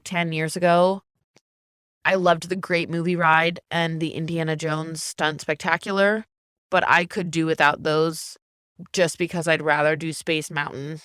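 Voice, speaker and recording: A woman's voice: lowish voice, a bit bright, clean tone, no room sound, clean studio sound. A woman in her thirties co-hosting a casual podcast, giving decisive, enthusiastic opinions. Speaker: podcast co-host. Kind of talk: casual chat.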